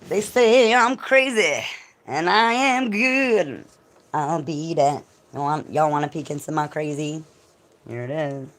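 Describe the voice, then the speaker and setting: A raspy woman talks in a very low, unhurried voice, still getting her voice back. She rambles and jokes loosely, drifting into snatches of song. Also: a little hiss or hum. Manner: rambling, joking, breaks into song. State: recovering voice. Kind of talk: casual vlog with singing.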